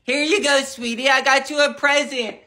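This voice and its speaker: A performer voicing a scheming, tough grandmother in a comedy skit, with a sly, bossy, drawn-out way of talking. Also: high voice, steady tone, bright, forceful tone. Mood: sweet-scheming.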